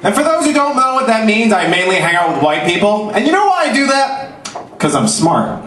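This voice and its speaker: A man in his twenties doing a stand-up comedy set, self-mocking and punchy, dropping into low asides. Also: sing-song, a little fast, fairly bright tone, distant mic. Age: 20s. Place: comedy club stage. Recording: echoey club recorded from afar.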